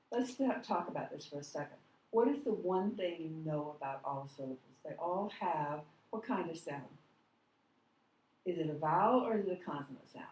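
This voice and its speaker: Low-voiced lady teacher going slow through a phonics lesson, echoey classroom. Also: a little hiss or hum. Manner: patient, deliberate, models words slowly.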